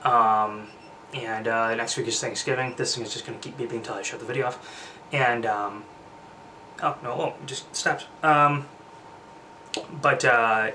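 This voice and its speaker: A man's voice: mid-range voice, fairly even intonation, moderate pace, recorded from a distance, noisy background. A young man chatting casually to his vlog audience, out of breath, rambling with lots of fillers, restarts and the odd curse word. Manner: rambling, frequent fillers and restarts, occasional swearing. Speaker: vlogger.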